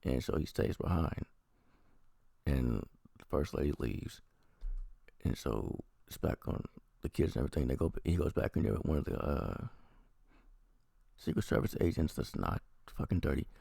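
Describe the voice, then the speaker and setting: A man's voice: very deep voice, lively intonation, moderate pace, gravelly, long pauses, mellow, no echo, studio quality. A man giving a rambling, profane, casual recap and review of a TV episode. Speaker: TV review vlogger.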